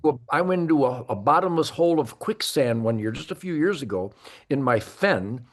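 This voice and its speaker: An older man, a podcast guest, telling hunting stories with emphasis, repeating words and acting out his own shouts. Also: medium pitch, expressive, moderate pace. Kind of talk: animated hunting storytelling.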